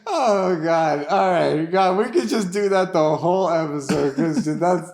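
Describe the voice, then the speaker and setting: A man's voice: fairly high pitch, unhurried, a little mellow. A young man hosting an improvised comedy podcast, narrating the story, laughing often and stumbling over restarts.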